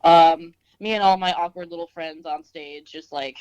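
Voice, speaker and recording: A woman's voice: fairly low pitch, fairly even intonation, normal speed, darkish tone, clear, resonant tone, no echo, rough recording. Young woman from texas chatting as a guest, super casual, lots of likes, dry close mic. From Austin, Texas. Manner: laid-back, self-deprecating, lots of "like" and "um". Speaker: singer-songwriter guest. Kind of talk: casual interview.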